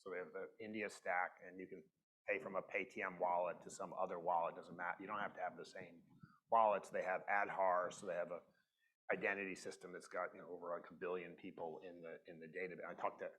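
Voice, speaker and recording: Brief: man, lowish voice, animated storyteller on a conference panel stage. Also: fairly quick, slightly rough, rough recording. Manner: animated storytelling, acts out quoted exchanges, many "like" fillers. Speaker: panelist, tech investor.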